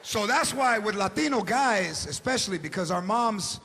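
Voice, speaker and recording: A man doing a loud stand-up comedy routine on a theater stage, shouting punchlines, acting out characters and dropping Spanish phrases. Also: high-pitched, animated, normal speed. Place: large theater with live audience. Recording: live show with crowd noise. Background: audience laughter and crowd noise.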